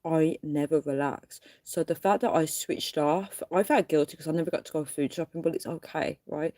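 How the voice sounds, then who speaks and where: A woman with a slightly low voice chats casually to her viewers on a livestream from her phone. She talks in a loose, rambling way, keeps calling her audience guys and laughs often. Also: normal speed, mellow. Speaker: livestream host.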